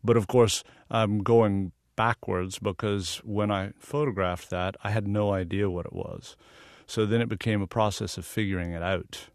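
A man's voice: lowish voice, fairly even intonation, normal speed, dry recording, clean studio sound. A middle-aged man from the American South, a photographer, talking earnestly in a radio interview and laughing easily. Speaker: photographer guest.

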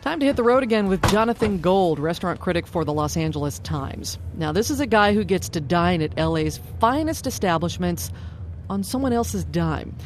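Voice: medium pitch, lively intonation, normal speed, music in the background. Friendly, curious radio host. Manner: friendly, curious, asks short questions. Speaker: radio show host and reporter. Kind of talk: scripted narration mixed with casual interviewing. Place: inside a car at a drive-thru, then a restaurant.

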